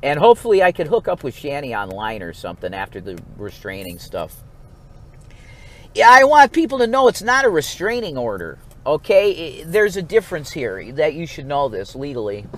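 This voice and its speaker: Rambling, profane vlogging man. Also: a little high. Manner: rambling, profane, restless swings between mumbling and outbursts. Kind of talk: casual rambling monologue.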